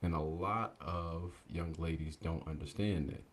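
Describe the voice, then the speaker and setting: A man co-hosting a podcast, giving relaxed, conversational commentary with plenty of fillers. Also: sits low, a little slow. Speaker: podcast co-host. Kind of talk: casual commentary.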